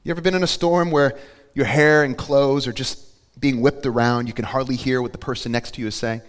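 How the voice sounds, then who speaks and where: A man's voice: medium pitch, steady tone, fairly quick. Man preaching in an echoing church. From Florida. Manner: conversational, asks the congregation questions, rises to loud emphatic peaks. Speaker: pastor. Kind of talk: sermon.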